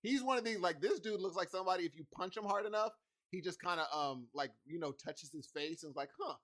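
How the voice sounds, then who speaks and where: Bright, high-voiced animated man. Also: fast talker. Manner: animated, playful, laughs often. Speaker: podcast co-host. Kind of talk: casual chat.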